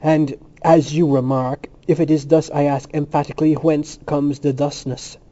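Pompous, fussy young student, drawn-out and emphatic, read by a man. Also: on the high side, flat delivery, warm tone, natural voice. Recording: muffled lo-fi recording.

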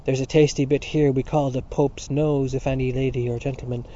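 A man voicing a bitter, blustering middle-aged father who speaks loud and scornful, on a dull recording with faint hiss. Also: medium pitch, level tone, brisk, lightly acted. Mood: grumbling.

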